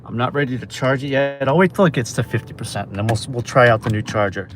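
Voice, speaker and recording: A man's voice: mid-range voice, quick pace. Chatty man livestreaming from his car. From New York. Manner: chatty, talks to viewers while reading orders aloud. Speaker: delivery driver livestreamer. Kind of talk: casual livestream chat while driving. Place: inside a car on city streets. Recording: phone mic with road noise. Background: car and traffic noise.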